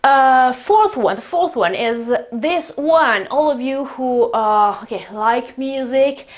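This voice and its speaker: Italian woman teaching English pronunciation. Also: sits high. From Italy. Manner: chatty, explanatory, repeats words slowly to demonstrate. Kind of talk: pronunciation lesson. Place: indoors beside a whiteboard.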